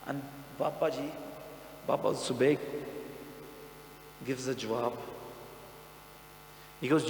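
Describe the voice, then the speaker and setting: A preacher with a British Punjabi accent tells a story as a sermon, impassioned and dramatic, mixing in Punjabi phrases. His mid-range, darkish voice stays steady and slow with long pauses, recorded in an outdoor camp hall with echo and mains hum.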